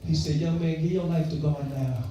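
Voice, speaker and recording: A man's voice: on the high side, fairly even intonation, normal speed, warm tone. A man preaching a sermon as pastor, telling his own story with call-and-response fervor. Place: large church sanctuary. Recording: echoey church hall from far off with music.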